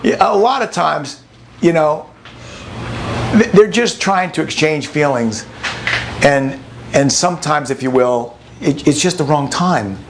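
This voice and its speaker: A man leads a workshop with a slightly high-pitched voice, talking to his group like he is swapping stories. He restarts his sentences and doubles words as he goes. A steady hiss of background noise sits under the whole recording. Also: a little slow. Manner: storytelling, repeats words when restarting. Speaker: workshop presenter. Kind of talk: conversational teaching to a group.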